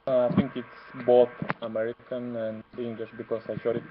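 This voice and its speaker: A man answers his teacher in an online class, hesitant and full of pauses, laughing easily. His voice stays flat in pitch. The sound is dull and lo-fi over a video call, with faint noise behind it. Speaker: student.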